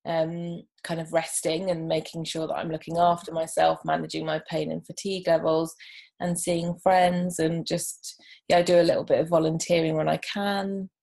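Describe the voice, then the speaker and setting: A woman's voice: low voice, level tone, normal speed, gravelly, a little mellow. A woman, a guest in a casual interview, talking thoughtfully with frequent ums. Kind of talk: casual chat.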